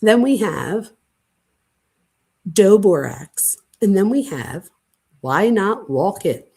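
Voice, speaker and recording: Gushing, excitable woman host with a husky voice. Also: medium pitch, slow. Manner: gushing, excitable, self-admittedly dramatic; breathless. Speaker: channel host. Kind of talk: casual late-night livestream chat.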